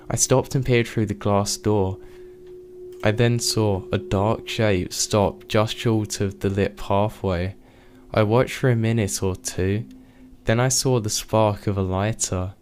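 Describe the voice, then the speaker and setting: A man reading true scary stories aloud as a narrator, in a steady, measured way. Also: fairly low pitch, slight background noise. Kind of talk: scripted narration.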